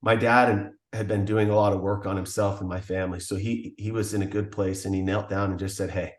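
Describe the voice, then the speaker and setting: Podcast guest, man, low voice, earnest and emotional testimony, roomy sound. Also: little pitch movement, brisk. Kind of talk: personal testimony.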